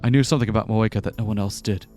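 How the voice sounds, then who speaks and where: A man hosting a let's-play reads a visual novel aloud in a fairly low voice. He keeps it casual, dropping in joking asides, while faint music plays underneath. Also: steady tone, rapid-fire, darkish tone. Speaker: let's-play host reading the game.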